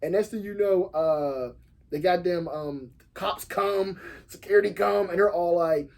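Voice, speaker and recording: A man's voice: high voice, a little slow, creaky. A man guest on a podcast, telling a story in casual chat and acting out what other people said, swearing freely. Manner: animated, acts out quoted voices, swears freely.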